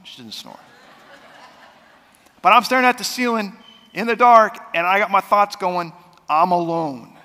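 A man preaching a sermon as pastor, talking in a conversational way that swings between loud and soft. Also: high voice, in a large hall. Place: church sanctuary.

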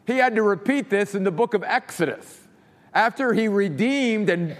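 High-voiced preaching man in a reverberant hall. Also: lively intonation, normal speed. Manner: emphatic preaching with repeated phrases. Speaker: pastor. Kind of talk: sermon.

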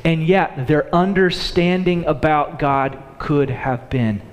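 A man preaching a sermon in an animated way, acting out the thoughts of the people in his story. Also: on the high side, slow pace, few pauses, slight background noise. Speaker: pastor. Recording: long hall reverb.

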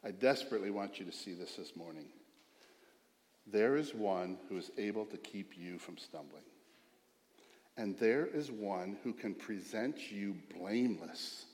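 A middle-aged man preaching a sermon as pastor, earnest, dropping to a hush and rising to emphatic. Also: lowish voice, animated, a little slow. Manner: earnest, swings from hushed to emphatic. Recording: echoey hall with long reverb.

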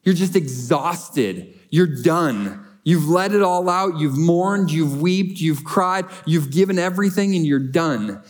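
A male pastor preaching a sermon in an earnest, emphatic way, building on repeated short phrases. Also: on the high side.

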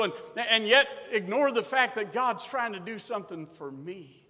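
High-voiced man preaching in a hall. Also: animated, normal speed. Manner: swings from quiet to loud preaching, quotes scripture in old English. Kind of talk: revival sermon. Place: church.

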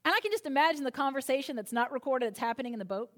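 A woman's voice: sits high, lively intonation, rapid-fire, few pauses. A woman pastor giving a sermon, telling a story with humor and acting out its voices.

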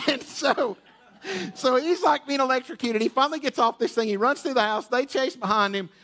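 High-voiced man telling a funny sermon story. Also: moderate pace. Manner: humorous, animated storytelling with many restarts. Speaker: pastor. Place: church auditorium with sound booth.

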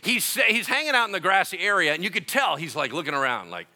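A man preaching a sermon, an animated and joking storyteller who acts out little voices in his asides. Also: high voice, fast. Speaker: pastor.

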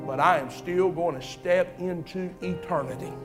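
Fiery preacher, high-pitched man. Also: moderate pace, over music. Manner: impassioned, repetitive, swings from shouting to hushed. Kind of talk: fiery sermon.

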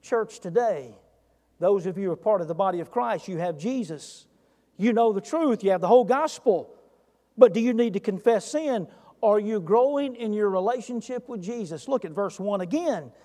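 A pastor with a notably high voice preaches an earnest, animated sermon at a normal speed and in a dark tone, putting direct questions to his congregation. A large church room gives his words a long reverb tail.

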